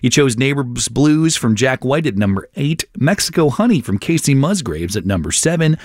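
A man's voice: medium pitch, big pitch swings, normal speed, dry recording, clean studio sound. A man hosting a radio chart countdown, running through the picks in an upbeat, conversational way with casual asides. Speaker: radio chart show host.

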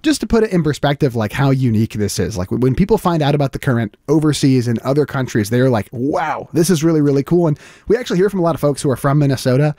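Fast-talking upbeat male radio host. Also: medium pitch, sing-song, dark tone, no echo, studio quality. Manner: upbeat, eager, stammering restarts. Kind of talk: pledge drive chat. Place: radio studio. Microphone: studio mic.

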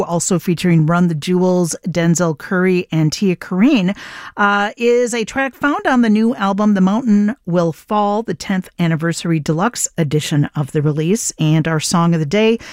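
A woman's voice: lowish voice, a little mellow, no echo, clean studio sound. A woman radio DJ announcing songs between tracks, with playful punning asides. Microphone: studio microphone.

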